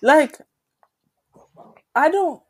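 A woman's voice: sits high, animated, drawn-out words, darkish tone. A woman co-hosting a casual chat show, chatty and laughing often. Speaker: podcast co-host.

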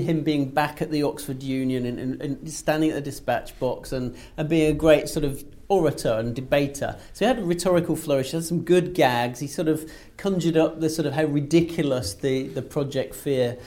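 A man's voice: a little high, a little fast, few pauses, darkish tone. A man discussing politics in a casual panel chat, talking fluently with frequent restarts. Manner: fluent, repeats words when restarting. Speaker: political commentator.

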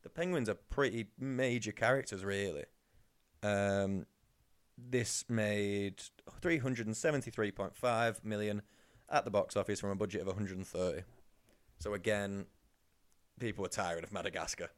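Chatty man, lowish voice. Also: normal speed, clear, resonant tone. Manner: chatty, teasing, sarcastic asides. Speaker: podcast co-host. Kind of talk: casual chat.

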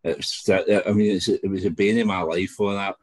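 A man hosting a podcast and asking easy-going questions in a relaxed chat. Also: deep voice, normal speed, dry recording. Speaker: podcast host. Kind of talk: casual interview chat.

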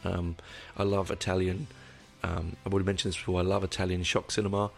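A middle-aged man talks through a solo podcast in a very low, gravelly voice. He rambles, trips over his own words and corrects himself as he goes, dropping dry asides. Soft music plays faintly behind him. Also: little pitch movement, fast talker. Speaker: podcast host. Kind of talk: casual solo podcast monologue.

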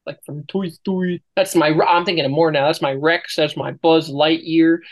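A man's voice: on the high side, fairly even intonation, normal speed. Male podcast host, playful and rambling, casual banter. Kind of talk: casual chat.

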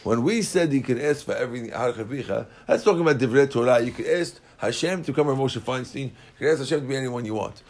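A man teaching a Talmud class, explaining Aramaic and Hebrew phrases in plain terms with lively energy. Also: medium pitch, a little fast, few pauses.

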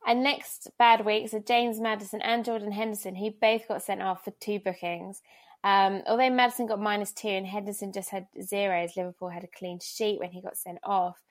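A woman's voice: medium pitch, steady tone, normal speed. A woman co-hosting a casual football podcast, giggly, with dry teasing humor. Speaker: podcast co-host. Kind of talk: casual chat.

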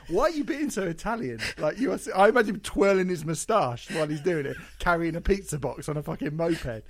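A man's voice: a little high, expressive, fairly quick, hardly any pauses. A man co-hosting a podcast, swearing freely and mocking singers in casual banter. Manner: sweary, mocking, laughs a lot, mimics singers. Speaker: podcast co-host. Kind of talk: casual banter reviewing an album.

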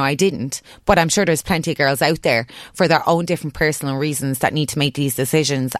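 A woman's voice: low voice, no echo, studio quality. Earnest Irish woman radio guest. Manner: earnest, emotional, halting. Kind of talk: emotional interview talk.

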